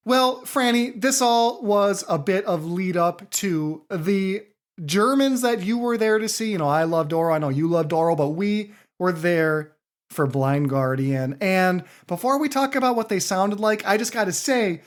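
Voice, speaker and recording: A man's voice: high voice, expressive, unhurried. Hyped, foul-mouthed man co-hosting a podcast. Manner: hyped, swearing, jokey. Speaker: podcast co-host. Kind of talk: casual profane chat.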